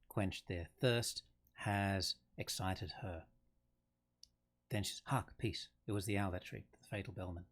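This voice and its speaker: A man teaching a lesson on a play in a conversational way, thinking aloud with fillers and restarts. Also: lowish voice. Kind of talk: casual lesson explaining a play.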